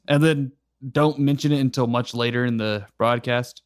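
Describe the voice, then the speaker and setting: A young man in his twenties co-hosting a casual podcast, animated, often laughing and swearing. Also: medium pitch, moderate pace, clean tone, no echo, studio quality. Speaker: podcast co-host and editor. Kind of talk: casual chat.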